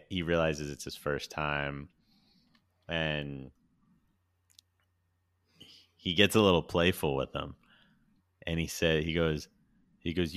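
Very deep-voiced man chatting casually. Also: fairly bright tone, smooth. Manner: laid-back, laughs often, swears freely. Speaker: podcast co-host. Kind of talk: casual chat.

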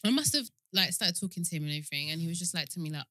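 A woman in her thirties tells a story among friends, acting out the lines of the people in it. Her voice is bright and forceful, a touch lower than most. The sound is dry and close. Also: rapid-fire, dry recording. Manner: animated storyteller, laughs often, acts out quotes. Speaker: podcast co-host. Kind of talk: casual chat storytelling.

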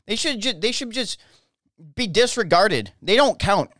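A man's voice: sits high, lively intonation, unhurried, a bit bright, no room sound, clean studio sound. Profane, ranting American man. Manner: angry, profane, repeats himself. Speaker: podcast host. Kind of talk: ranting political podcast monologue.

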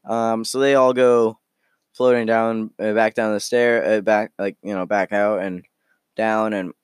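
A man's voice: on the low side, level tone, measured pace, smooth, no echo, studio quality. A man narrating as game master of a tabletop game, rambling and full of fillers.

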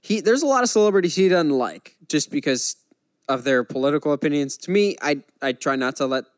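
Animated man hosting a casual chat. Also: a little high, no echo. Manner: animated, joking, quick asides. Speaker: podcast co-host.

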